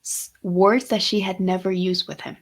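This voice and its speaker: A woman's voice: on the low side, level tone, moderate pace. A woman co-hosting a heartfelt podcast conversation, talking reflectively and retelling stories in quoted dialogue. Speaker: podcast co-host.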